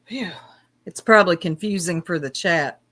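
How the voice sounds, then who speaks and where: A woman's voice: fairly low pitch, moderate pace, fairly bright tone. A woman chatting in a laid-back way as a co-host on a casual livestream, laughing easily.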